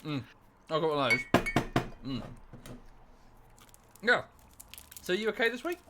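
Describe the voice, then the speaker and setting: A man streaming and telling a story over voice chat, animated and swearing freely, talking into a headset. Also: fairly high pitch, a little slow, very noisy. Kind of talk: casual voice-chat banter.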